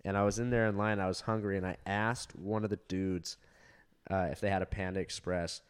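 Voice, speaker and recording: A man's voice: sits low, level tone, fairly quick, clean tone. A young man, a stand-up comedian, telling a casual story, profane and laughing, with many fillers.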